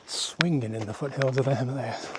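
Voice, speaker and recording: A man narrating a walking vlog outdoors, a bit out of breath from the climb. He rambles in self-deprecating asides and laughs often at his own jokes. Faint insect noise hums under his voice. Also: mid-range voice. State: out of breath while walking uphill. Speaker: travel vlogger. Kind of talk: casual walking vlog monologue. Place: outdoors on village paths.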